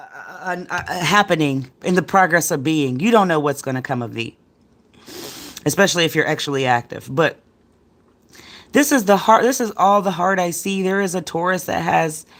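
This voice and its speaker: A woman's voice: fairly low pitch, a bit bright. Chatty, rambling middle-aged woman reading tarot. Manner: rambling, slangy and chatty, calling the viewer "baby" and "my dear". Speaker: tarot card reader. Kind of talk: casual tarot reading livestream.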